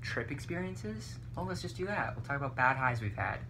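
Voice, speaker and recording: A young woman with a low, lively voice hosts a casual makeover video with her friend. She teases, giggles and gives playful orders. The recording is noisy. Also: a little fast. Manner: teasing, giggly, bossy. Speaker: YouTuber doing a makeover.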